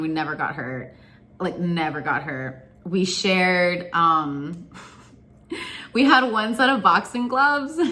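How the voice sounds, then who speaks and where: A young woman from Florida, a singer, chatting to camera and telling childhood stories in an animated way, laughing often. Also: on the low side, a little hiss or hum. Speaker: singer and vlogger. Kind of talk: chatty storytelling.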